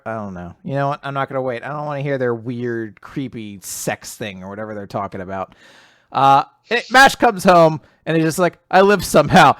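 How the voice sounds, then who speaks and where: A man's voice: mid-range voice, clear, resonant tone, no echo, studio quality. A man casually recapping comics, swearing freely and acting out quotes in goofy voices. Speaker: podcast co-host recapping manga.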